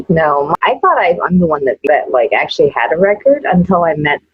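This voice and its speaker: A woman from Taiwan hosting an interview, chatty and expressive as she asks questions. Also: low voice, moderate pace, husky, no room sound. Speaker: host. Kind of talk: casual interview chat. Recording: dull, dry, lo-fi recording.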